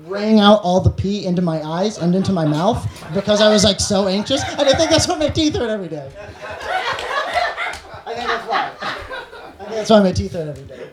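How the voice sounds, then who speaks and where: A male stand-up comedian on stage, rambling through absurd bits and laughing at his own jokes. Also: sits high.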